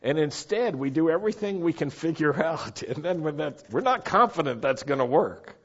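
A man preaching a sermon to a congregation, speaking in an animated way and sometimes rising to shouts for emphasis. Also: fairly high pitch, moderate pace, husky. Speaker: pastor. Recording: dull, lo-fi sermon recording.

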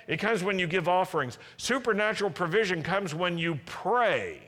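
A man's voice: a little high, animated, normal speed, hardly any pauses, a bit bright. Earnest preacher man in a hall. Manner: earnest, repeats phrases for emphasis, acts out prayers. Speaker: pastor. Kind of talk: sermon.

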